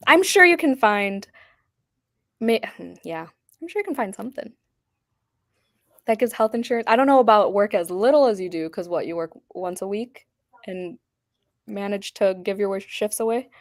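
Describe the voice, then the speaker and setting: A woman chatting on a video call in a relaxed, teasing way, swearing casually. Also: medium pitch, normal speed, long pauses, no room sound, clean studio sound. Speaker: booktube host. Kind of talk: casual chat.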